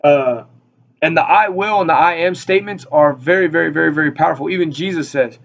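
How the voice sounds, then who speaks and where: A man's voice: a little high, brisk, vocal fry, dull audio. A man giving a casual, rambling Bible study talk, full of fillers and repeated words. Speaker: Bible teacher.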